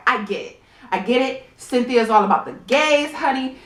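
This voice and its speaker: A woman giving a casual, sassy TV episode review in a blunt, animated way, often laughing. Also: fairly high pitch, normal speed. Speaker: reality TV recap vlogger. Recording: echoey room.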